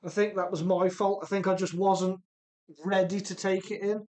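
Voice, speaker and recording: A man's voice: sits high, little pitch movement, moderate pace, a little mellow. Chatty man with a Midlands-Welsh accent. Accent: mix of English Midlands and Welsh. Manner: chatty, reads viewer comments aloud while rebuilding an RC car. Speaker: livestream host. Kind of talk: casual live-stream chat.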